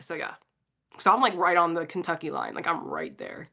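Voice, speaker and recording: A woman's voice: on the low side, a little fast, gravelly, bright, forceful tone. Philly woman on a livestream, blunt and sweary, chatting straight to her viewers. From Philadelphia, US. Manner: blunt, profane, talks straight to chat. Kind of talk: casual livestream pep talk.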